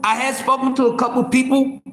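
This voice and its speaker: A man hosts a boxing livestream. His voice is high and bright, and he talks loudly and profanely, with many restarts. The room is echoey, with faint ambience behind him. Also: a little fast, a little hiss or hum. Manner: loud, profane, animated, with repeated fillers and restarts. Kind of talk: casual boxing talk.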